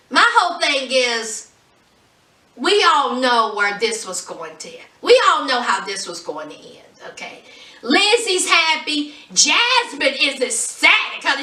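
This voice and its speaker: Brief: woman reality-show reviewer, sassy and exasperated, unhurried delivery, roomy sound. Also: sits high, sharp tone, recorded from a distance. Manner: sassy, exasperated, keeps calling viewers honey. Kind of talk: casual chat review. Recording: echoey room, voice off-mic.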